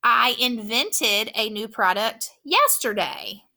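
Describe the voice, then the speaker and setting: A woman teacher walks children through a phonics lesson, speaking slowly and carefully. Her voice sits a little high and sounds bright and crisp. She encourages them warmly as she explains each step. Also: expressive. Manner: slow, clear, encouraging teacher talk.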